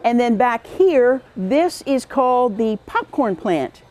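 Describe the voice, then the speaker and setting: A woman's voice: a little high, expressive, takes it slowly, a little mellow. A woman hosting a farm store's own show, walking viewers through its products with chatty enthusiasm. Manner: chatty and enthusiastic, repeats "really, really". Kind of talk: upbeat product tour.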